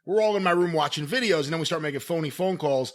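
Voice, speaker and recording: Middle-aged man, quick anecdotal storyteller, higher voice. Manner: brisk anecdotal storyteller, swears casually. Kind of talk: casual podcast chat.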